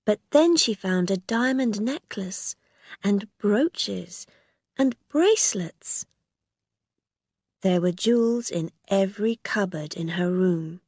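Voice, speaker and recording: Lady reading a story for english learners, slow and careful, kinda husky. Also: medium pitch, lively intonation, a little mellow, no room sound, clean studio sound. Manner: clear, measured storytelling. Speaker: narrator. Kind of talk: graded-reader story narration.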